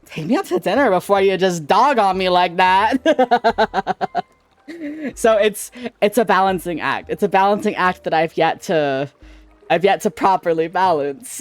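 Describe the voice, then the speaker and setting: A man's voice: sits high, animated, a little slow, soft background music. A young man streaming as a VTuber, chatting casually in a giggly, rambling, playful and self-teasing way. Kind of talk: casual livestream chat.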